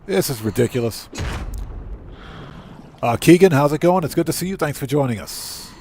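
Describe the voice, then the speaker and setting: A man's voice: a little high, expressive, moderate pace, darkish tone, a little hiss or hum. A man casually commenting on a live stream as he plays a video game, laughing often and greeting his viewers.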